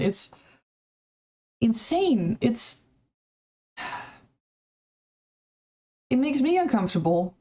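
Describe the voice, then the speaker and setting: A woman's voice: fairly high pitch, animated, slow, pauses often, warm tone, lo-fi sound. A woman commenting critically on recorded clips in a conversational, somewhat hesitant way. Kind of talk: video commentary.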